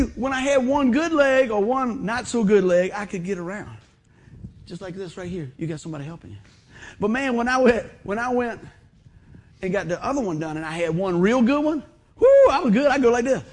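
A man preaching a sermon in a folksy storytelling manner, swinging from loud bursts to quiet asides. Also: high voice, expressive, brisk. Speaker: pastor.

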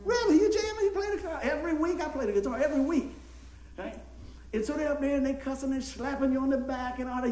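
A man, a pastor telling folksy, animated stories in a sermon and acting out the people in them. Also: very high-pitched, fast talker. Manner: folksy, animated storytelling with acted-out quotes and laughter. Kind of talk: storytelling sermon. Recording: echoey room.

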